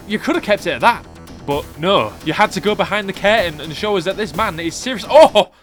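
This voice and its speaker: A man narrating a comedic review of a retro game. He is sarcastic and sweary, slipping into mock outrage. Faint music plays softly behind his voice. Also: sits high.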